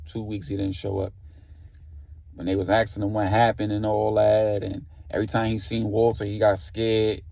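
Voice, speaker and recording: A man's voice: on the low side, creaky, mellow. A man retelling a story in a casual, slangy way, leaning on "like" and "you know" as he goes. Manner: slangy, loose, heavy on filler "like".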